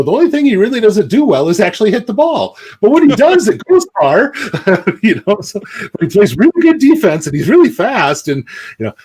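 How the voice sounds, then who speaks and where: A man on a casual sports podcast, relaxed and rambling as he analyzes players. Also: fairly high pitch, husky. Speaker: podcast co-host. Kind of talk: casual chat.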